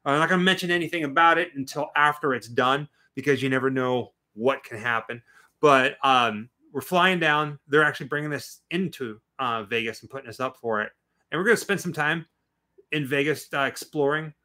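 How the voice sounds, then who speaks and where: A man co-hosting a casual livestream, chatting loosely with many halting restarts and reading viewer comments aloud. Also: mid-range voice, bright, forceful tone. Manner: halting, restarts often, reads chat aloud. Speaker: co-host of a livestream watch party.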